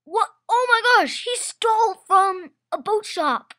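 Excitable high-voiced woman commentator. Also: unhurried. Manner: excited, exclamation-heavy commentary. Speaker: race commentator. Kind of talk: home-video toy race commentary.

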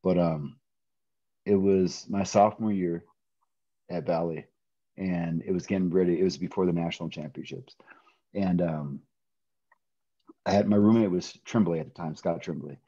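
A middle-aged man telling a personal story in a podcast interview, animated, often laughing and acting out quoted voices. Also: low-pitched, moderate pace, pauses often, no room sound, highs cut off. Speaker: interview guest, pro wrestler.

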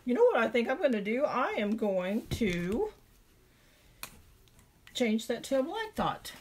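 A woman's voice: on the high side, very animated, unhurried, husky. Chatty Southern woman crafting. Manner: chatty, thinks aloud while drawing. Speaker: craft video host. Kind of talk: craft demonstration tutorial.

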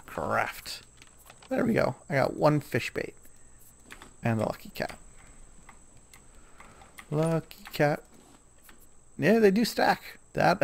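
A man's voice: mid-range voice, creaky. A man casually commenting on his own gameplay, chatting to himself and scolding the animals in the game.

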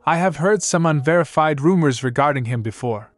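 A man's voice: a little high, lively intonation, brisk, no echo, faint music behind, natural voice. A man voicing a proud, clever young princess who speaks in a cool, formal, commanding way. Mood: determined.

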